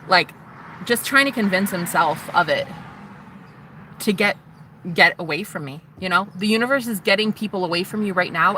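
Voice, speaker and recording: A woman's voice: mid-range voice, bright, forceful tone. Teary, rambling young woman vlogging. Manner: rambling and chatty, drops into whispers. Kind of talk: casual confessional vlog. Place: in a parked car. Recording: noisy with traffic behind.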